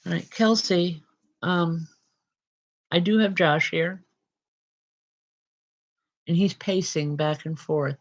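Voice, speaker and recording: A woman's voice: on the low side, fairly even intonation, slow pace, pauses often. Woman medium giving reassuring readings. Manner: reassuring, relays messages from spirits; addresses people directly by name. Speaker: spiritual medium.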